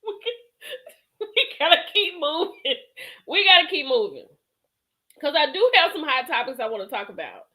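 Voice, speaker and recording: Animated woman hosting a live chat. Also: sits high. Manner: animated, laughs often, chatty Southern-style slang. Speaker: live show host. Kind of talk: live stream chat reading comments.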